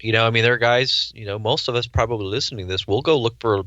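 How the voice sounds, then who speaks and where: A man's voice: medium pitch, quick pace, pushed and bright, dry recording. Dry, wry middle-aged man, dull sound. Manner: dry, wry storyteller who acts out voices. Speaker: guest chef and hunter. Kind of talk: casual interview chat.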